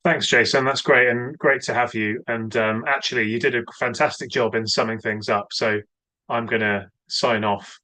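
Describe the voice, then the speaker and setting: Halting male roundtable host, bright voice. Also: medium pitch, fairly even intonation, no room sound, low-quality recording. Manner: hesitant, many filler sounds. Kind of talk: online roundtable talk. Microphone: video call.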